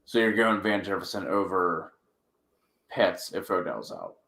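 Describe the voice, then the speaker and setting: Low-voiced male host in a roomy echo. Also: big pitch swings, gravelly, pushed and bright. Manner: reads off viewer questions in a quick list. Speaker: fantasy football host reading viewer questions. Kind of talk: casual live-stream chat.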